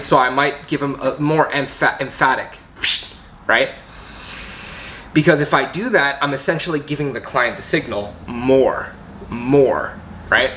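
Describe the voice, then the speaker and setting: A man's voice: mid-range voice, sharp tone, slight background noise. A man teaching a coaching method, explaining step by step and often checking in with "right?". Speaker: coaching trainer. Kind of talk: teaching video.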